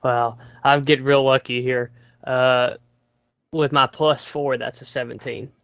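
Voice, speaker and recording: A man's voice: mid-range voice, flat delivery, measured pace, creaky, a bit bright, smooth, no room sound. A man playing in a tabletop game, giving brief answers. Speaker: player. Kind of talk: casual tabletop play. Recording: dull lo-fi sound, dry room.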